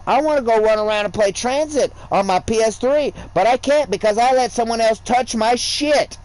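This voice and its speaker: A man rambles through a casual gaming livestream, lecturing and swearing freely as he goes. His speaking voice sits high for a man. The delivery is loose and conversational. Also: normal speed, a little mellow, rough recording. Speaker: gaming streamer.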